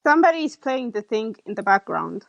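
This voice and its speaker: A woman's voice: a little high, big pitch swings, brisk, gravelly, no echo, lo-fi sound. A woman chatting casually on a live video call, laughing often and self-conscious about her own voice. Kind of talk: casual live-stream chat.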